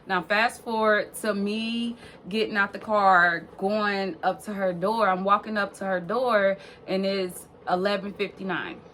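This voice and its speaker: A woman's voice: medium pitch, steady tone, unhurried, hardly any pauses, fairly bright tone, a little hiss or hum. A young woman vlogger telling a long personal story in a casual, rambling way, full of fillers and swearing.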